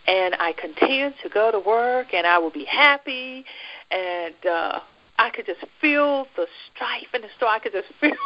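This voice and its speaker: The sound is lo-fi, and her medium-pitched voice runs at normal speed. She's an American guest offering a lively personal faith testimony, laughing often and dramatizing the dialogue she quotes.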